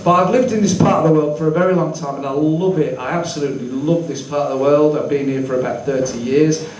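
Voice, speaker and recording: A man's voice: fairly high pitch, fast talker, darkish tone. A man in his fifties from Birmingham, with a Birmingham accent, telling rambling, self-mocking stories in a stand-up set. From Birmingham, England. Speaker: stand-up comedian. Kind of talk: stand-up comedy. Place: small comedy venue. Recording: echoey room, distant mic, faint ambience.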